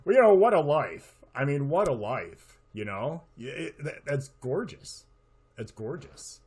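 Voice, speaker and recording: A man hosting a casual interview, friendly and halting, often repeating his words. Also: on the high side, sing-song, a little mellow, slightly rough. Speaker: host. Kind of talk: casual interview over video call.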